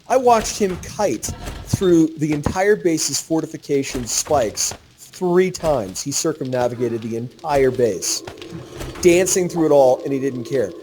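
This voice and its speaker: Male gamer, lively profane storyteller, slightly higher voice. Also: a little hiss or hum. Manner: animated storyteller, swears freely. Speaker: gamer telling a story to co-players. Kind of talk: casual gaming chat.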